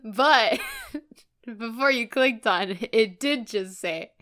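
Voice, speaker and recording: A woman's voice: a little high, pushed and bright. A woman co-hosting a casual chat, playful and laughing often. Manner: giggly, unhurried, playful. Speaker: podcast co-host.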